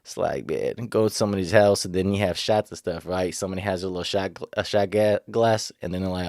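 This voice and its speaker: Low-voiced man rambling casually. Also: fast, few pauses, a little mellow, no room sound, clean studio sound. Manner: rambling, laughs often, slangy; raises pitch when quoting others. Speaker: vlogger. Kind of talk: casual storytelling chat.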